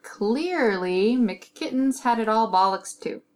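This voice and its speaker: A woman's voice: fairly high pitch, animated, slow. A cocky teenage wizard boy, voiced by a woman in an amateur audio drama. He sounds offhand and lazy, and he teases everyone around him. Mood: teasing.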